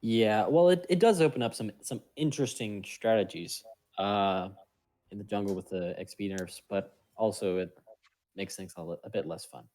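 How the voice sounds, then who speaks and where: A man's voice: lowish voice, moderate pace, mellow. A man casting an amateur esports match in a casual, playful way, tossing in jokey quips. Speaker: esports caster.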